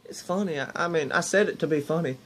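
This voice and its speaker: A young man with a drawl tells stories to his camera. His voice sits a little high for a man. He rambles, restarts his sentences and keeps calling out to his viewers as "y'all". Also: fast, slight background noise. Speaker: vlogger. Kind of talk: casual storytelling to camera.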